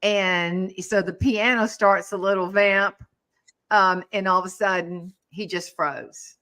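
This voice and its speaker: A middle-aged woman hosting a casual chat, telling lively stories and breaking into bits of song. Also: medium pitch, takes it slowly. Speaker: talk show host.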